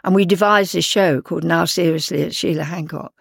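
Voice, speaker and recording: Older London actress, gravelly, dry close sound, lively raconteur. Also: female voice, on the low side, a little fast, no echo. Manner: lively anecdotal, acts out quoted voices. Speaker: actress guest. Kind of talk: interview storytelling.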